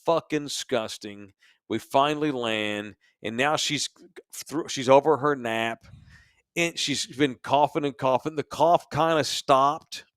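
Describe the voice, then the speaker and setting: A man's voice: mid-range voice, a little slow, fairly bright tone, clean tone, no echo, studio quality. A man co-hosting a podcast, telling a crude, mocking travel story with lots of profanity. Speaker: podcast co-host. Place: sports bar studio.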